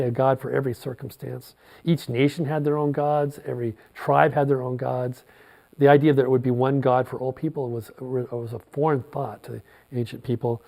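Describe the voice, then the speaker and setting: A man, the church's pastor, preaching a sermon in a thoughtful, unhurried way, often restarting his phrases. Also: medium pitch, creaky, dark tone.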